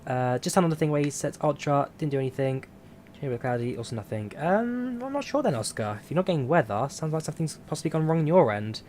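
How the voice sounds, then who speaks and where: A man streaming a flight simulator, chatting casually and answering viewer questions in a relaxed, rambling way. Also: fairly high pitch, fast talker, a little hiss or hum. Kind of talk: casual live-stream chat.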